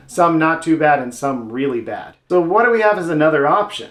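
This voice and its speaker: A man's voice: fairly high pitch, lively intonation, brisk, few pauses, music in the background. A man teaching mandolin technique step by step, friendly and casual, with playful asides. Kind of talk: instructional video lesson. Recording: roomy sound with loud mandolin playing. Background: mandolin playing.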